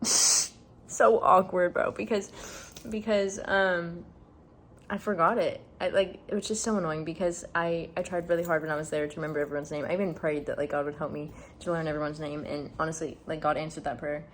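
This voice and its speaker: A woman's voice: low voice, fairly even intonation, fairly quick, slight background noise. A young woman vlogging indoors, rambling through a heartfelt story with lots of fillers. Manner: gushing, rambling with many fillers. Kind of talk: casual storytelling to camera. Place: indoors, packing up a room.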